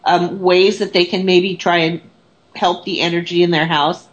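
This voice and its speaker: A woman's voice: lowish voice, flat delivery, normal speed, dull audio. A woman in casual conversation, a paranormal investigator who tells stories in a chatty way and acts out the people she quotes.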